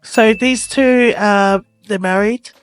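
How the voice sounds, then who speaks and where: A woman's voice: mid-range voice, slow pace, clean tone, faint music behind. A woman co-hosting a podcast, casually rambling with many "like" fillers. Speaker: podcast co-host. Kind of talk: casual chat.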